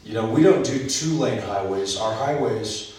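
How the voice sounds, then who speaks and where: A man's voice: mid-range voice, moderate pace, darkish tone. A man preaching a sermon, earnest, building up in places, with frequent ums and restarts. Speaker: pastor. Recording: echoey hall from far off, faint noise.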